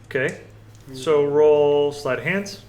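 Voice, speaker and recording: A man's voice: on the high side, slow, a little mellow, a little hiss or hum. A man narrating a tabletop game as game master in a casual way.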